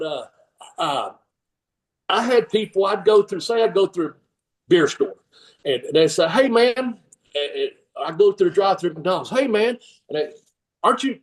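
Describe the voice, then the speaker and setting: Older guy telling wrestling-fan stories, kinda high voice, laughs a lot, does the fans' voices. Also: recorded from a distance, rough recording. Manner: rambling storyteller, laughs often, acts out fans' voices. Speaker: guest, former pro wrestler and trainer. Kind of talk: casual storytelling interview.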